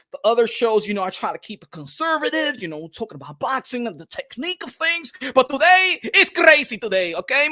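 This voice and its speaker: Boxing host, male, Dominican accent, rowdy and joking, bright and forceful voice. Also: a little high, no room sound, clean studio sound. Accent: Dominican Spanish. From Dominican Republic. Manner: playful, loud, switches between English and Spanish, laughs often. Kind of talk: casual live-stream chat.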